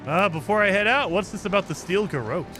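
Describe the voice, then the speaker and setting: A man's voice: high-pitched, animated, fast talker, bright, forceful tone, faint music behind. A man streaming a game, chatting casually and rambling about his impressions. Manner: chatty, rambling, laughs often. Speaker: gaming streamer. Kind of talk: casual let's-play commentary.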